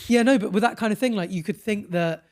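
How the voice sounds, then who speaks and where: A young British podcast co-host with a bright, fairly high voice talks fast in casual chat. He tells stories with lots of energy, acts out little character voices for the people in them, and laughs often.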